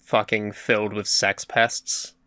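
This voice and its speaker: A man's voice: lowish voice, flat delivery, takes it slowly, over a noisy crowd. A man co-hosting a casual podcast chat, blunt and sarcastic. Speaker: podcast co-host.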